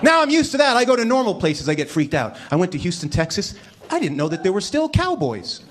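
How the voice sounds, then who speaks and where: A man doing a stand-up comedy set on a club stage, animated and mock-incredulous, acting out little voices as he tells his stories. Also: high voice, quick pace. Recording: live club recording with crowd noise. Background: audience laughter.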